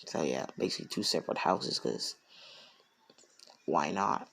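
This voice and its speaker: A man improvising a fan story narration, slow and hesitant, full of ums and you-knows. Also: very deep voice, creaky, fairly bright tone, slight background noise. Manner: slow, hesitant, lots of fillers.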